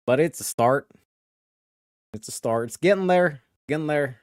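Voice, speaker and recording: A man's voice: mid-range voice, animated, normal speed, no echo. Male streamer, casual profane rambler, dry close mic. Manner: rambling, profane, lots of filler phrases. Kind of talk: casual livestream chat.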